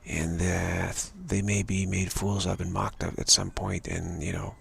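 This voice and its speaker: A man's voice: low-pitched, little pitch movement, a little slow, creaky, fairly bright tone, breathy edge. A man giving a rambling spiritual talk on a live stream, repeating himself and restarting words often. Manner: repetitive, stumbling restarts, earnest. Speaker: spiritual teacher.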